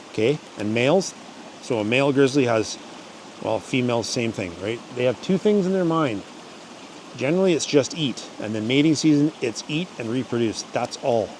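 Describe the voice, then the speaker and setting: A man's voice: mid-range voice, a little hiss or hum. A man hosting his channel, casually telling hunting stories, rambling with restarts. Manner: rambling, restarts, animated yells in quoted parts. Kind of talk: casual storytelling to camera.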